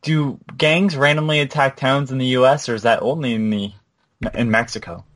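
Mid-pitched guy telling game stories, lots of um and like, stops and restarts. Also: fairly even intonation, a bit bright. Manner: halting, lots of fillers and restarts, laughs while telling. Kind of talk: casual chat about a video game.

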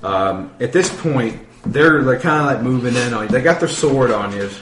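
A man's voice: mid-range voice, animated, moderate pace. A man narrating as game master of a tabletop game, laughing often and describing scenes. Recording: echoey room with faint noise.

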